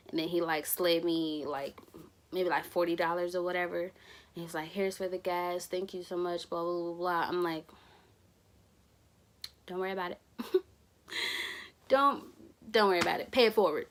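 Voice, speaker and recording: A woman's voice: on the low side, steady tone, moderate pace, long pauses. A young woman tells a story on her vlog, laughing and acting out the dialogue. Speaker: vlogger.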